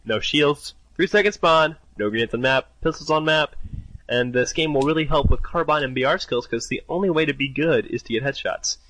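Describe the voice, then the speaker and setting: A man's voice: a little high, fairly quick, fairly bright tone, no room sound, poor audio. Man, young adult, reads listener mail, casual, dead dry recording. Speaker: podcast co-host. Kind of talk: casual gaming podcast chat.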